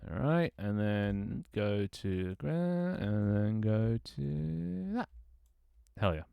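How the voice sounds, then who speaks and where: A man's voice: on the low side, big pitch swings, slow pace, gravelly, clear, resonant tone, no room sound, dull audio. A man streaming from a small room at home, chatting casually, grumbling, swearing and laughing often. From United Kingdom. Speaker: live streamer. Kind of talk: casual live-stream chat.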